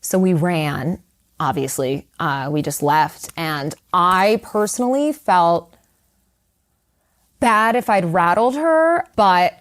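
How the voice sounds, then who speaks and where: A middle-aged woman writer, appearing as an interview guest, tells a personal story candidly and conversationally, with lots of fillers and asides. Her voice is fairly low, expressive, and slow.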